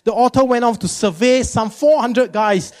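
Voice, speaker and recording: A male pastor preaching a sermon, animated and emphatic, often repeating words for effect. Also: moderate pace. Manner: animated, emphatic, jumps into high mimicking.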